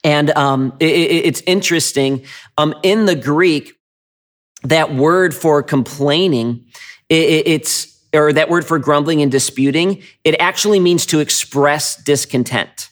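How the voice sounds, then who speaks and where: A man's voice: a little high, unhurried. A male pastor preaching a sermon in a conversational way, often repeating words as he starts a phrase. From Michigan.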